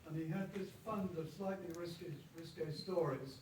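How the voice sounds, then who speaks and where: A man's voice: high-pitched, normal speed. An older man in the audience asking the speaker a polite question, full of memories. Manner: polite, reminiscing. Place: theatre hall. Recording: echoey hall, distant mic, noisy.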